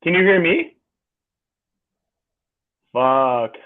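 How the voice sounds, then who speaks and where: A man's voice: on the high side, lively intonation, drawn-out words. A man co-hosting a podcast, laid-back and hesitant, with many fillers. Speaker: podcast co-host. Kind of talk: casual podcast banter. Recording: tinny phone-like call audio.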